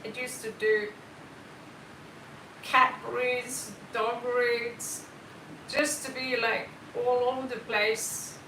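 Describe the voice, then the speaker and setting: Slow-talking woman, bright, roomy sound. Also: on the high side, level tone, distant mic, a little hiss or hum. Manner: chatty, greets viewers by name, rambling. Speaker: tarot reader hosting a live stream. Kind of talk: casual live-stream chat. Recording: roomy, set back from the mic.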